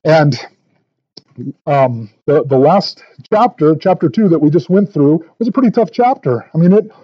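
A man's voice: on the high side, lively intonation, moderate pace, slightly rough, no room sound, dull audio. A male pastor preaching verse by verse in an earnest, thinking-aloud way, often repeating words as he goes. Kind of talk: verse-by-verse sermon.

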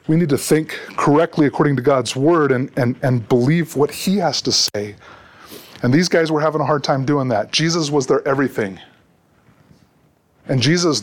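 Earnest middle-aged male pastor preaching. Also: fairly high pitch. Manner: earnest, repeats words and restarts often. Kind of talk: sermon.

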